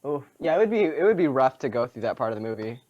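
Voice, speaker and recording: A man co-hosting a casual gaming podcast, sarcastic and quick to laugh. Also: medium pitch, big pitch swings, darkish tone, lo-fi sound. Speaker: podcast co-host. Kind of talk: casual chat.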